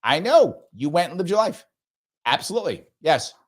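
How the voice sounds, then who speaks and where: A man's voice: a little high, big pitch swings, moderate pace, husky. A man hosting a live stream, chatting casually, reading viewer comments aloud and playfully pleading with his audience. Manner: playful, pleading, repeats himself for effect. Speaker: livestream show host.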